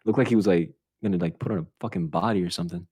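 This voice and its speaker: Give me a young male podcast host with a lowish voice, telling a wild story with plenty of swearing. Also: very fast, breathy edge. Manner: animated, swears a lot, laughs while telling. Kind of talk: casual storytelling chat.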